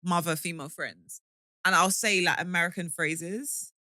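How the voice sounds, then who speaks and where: A woman's voice: on the low side, steady tone, moderate pace, sharp tone, no room sound, studio quality. A young British woman co-hosting a podcast, chatting casually in a playful, self-mocking way. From United Kingdom. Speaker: podcast co-host. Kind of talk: casual chat.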